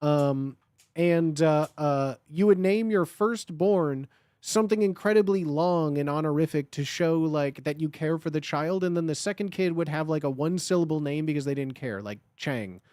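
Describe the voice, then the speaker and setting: A man with a fairly high speaking voice chats casually on a stream. He rambles, stacking up filler words. The sound is dry and close. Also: darkish tone, clean tone, dry recording. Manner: rambling, with lots of filler words, and quick laughs. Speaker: guest on a livestream. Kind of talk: casual chat.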